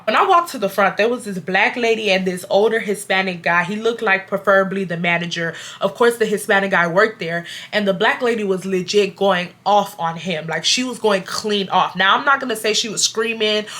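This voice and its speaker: A bright-toned woman in her twenties, from Houston, spins a storytime for her viewers. She is chatty, animated and freely profane, and keeps talking to them directly as y'all. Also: medium pitch. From Houston, Texas. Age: 20s. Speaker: vlogger telling a story. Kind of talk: casual storytime.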